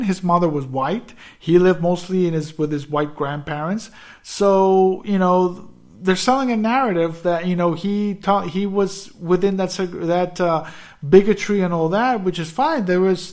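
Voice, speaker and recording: Man, high voice, radio show host, casual political talk, rambling, lots of fillers. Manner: rambling, many "you know" fillers.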